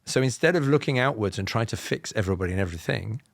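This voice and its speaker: A man with a southern English, BBC-style accent talks through his own experiences as a podcast guest, measured and explanatory with a wry, self-deprecating edge. His voice sits low and carries a gravelly fry, and the recording is dry and close with no room sound. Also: expressive, dry recording. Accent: Southern English, BBC-style received pronunciation. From England. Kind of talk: reflective personal storytelling.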